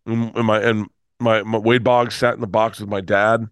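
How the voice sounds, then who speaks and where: A man's voice: lowish voice, little pitch movement, moderate pace, clean tone, no room sound, clean studio sound. A man in his fifties, a comedian guest telling a rambling story full of restarts and swearing. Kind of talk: storytelling in conversation.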